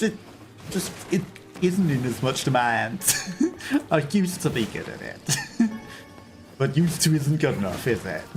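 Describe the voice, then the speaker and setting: A man casually chatting on a game livestream, rambling and chuckling often between remarks. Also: on the high side. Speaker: game streamer.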